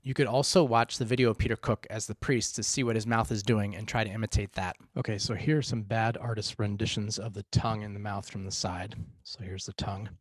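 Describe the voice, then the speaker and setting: A man's voice: lowish voice, fairly even intonation, fairly quick, hardly any pauses, no echo, clean studio sound. A man teaching a voice tutorial as a vocal coach, explaining each step patiently and encouragingly. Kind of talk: instructional voice tutorial.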